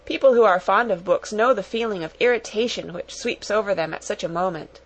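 A woman narrating a children's storybook aloud in a measured, even-paced way. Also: medium pitch, low-quality recording. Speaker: audiobook narrator. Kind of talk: storybook reading.

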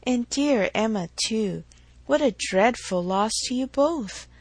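A woman voicing a gentle, sympathetic young married woman in a narrated novel, speaking in a plaintive tone. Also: a little high, lively intonation, slow pace, breathy edge, no echo, heavily acted.

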